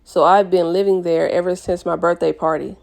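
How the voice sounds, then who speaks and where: A woman's voice: lowish voice, fairly even intonation, a little fast, creaky, a little mellow. A woman reading a novel aloud as host of her channel, with casual, chatty asides. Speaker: book reader, channel host.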